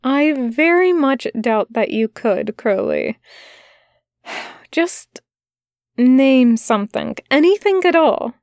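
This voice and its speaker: A woman voicing a fussy, gentle male angel who speaks tenderly and stammers when flustered. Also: sits high, lively intonation, slow pace, long pauses, no room sound, studio quality, pitched above the performer's own voice, heavily acted.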